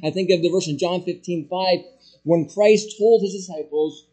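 Emphatic man preaching, fairly high voice. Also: moderate pace. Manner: emphatic preaching with rhetorical questions, swinging from loud highs to quiet lows. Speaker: pastor. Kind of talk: sermon.

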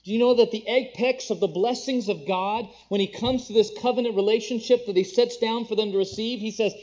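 Preacher guy, high voice, gets loud then drops way down, kinda muffled lo-fi recording. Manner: swells loud and high on key phrases, drops low and quiet between; slows down to read scripture in older-style wording. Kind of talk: sermon. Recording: dull, lo-fi sound.

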